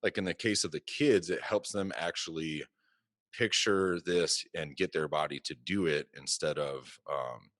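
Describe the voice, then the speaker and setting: Deep-voiced man leading a chat. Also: measured pace, a bit bright, no echo, clean studio sound. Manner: thoughtful, leads the discussion. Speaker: host; martial arts gym owner. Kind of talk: casual chat.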